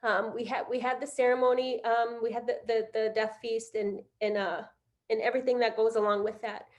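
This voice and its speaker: A middle-aged woman on a video call, telling a heartfelt personal story on a panel, halting with many fillers. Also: on the high side, flat delivery, lo-fi sound. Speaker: conference panelist.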